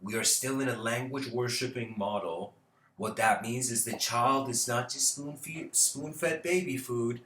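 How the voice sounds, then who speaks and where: A man's voice: mid-range voice, measured pace, pushed and bright, distant mic. Guy rambling through a spiritual talk, laughs a lot, echoey room. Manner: rambling, laughs often, many fillers. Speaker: speaker. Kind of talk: informal spiritual lecture. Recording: roomy echo.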